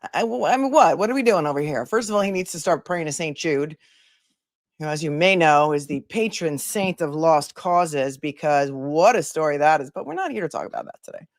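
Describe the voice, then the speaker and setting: Lady lawyer doing a live stream, low voice, jokey and chatty, talks right to the chat. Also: lively intonation, fairly quick, no echo, clean studio sound. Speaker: attorney and livestream host. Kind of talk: casual livestream chat.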